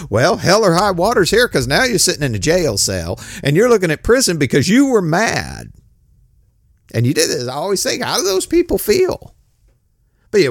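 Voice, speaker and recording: Plain-talking preacher, male, animated delivery with big ups and downs, dry recording. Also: mid-range voice, no room sound. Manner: blunt, plain-spoken, swings between loud and muttered. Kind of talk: informal sermon.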